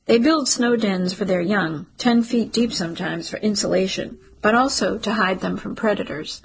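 A woman reading as an earnest male wildlife biologist in an audiobook, explaining his field work plainly. The voice stays close to her own, soft and husky with plenty of breath. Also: medium pitch, normal speed, rough recording.

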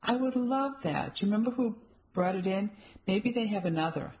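A woman's voice: sits low, expressive, normal speed, a little mellow. A woman voicing a witty, theatrical woman friend who talks wryly. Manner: theatrical, wry.

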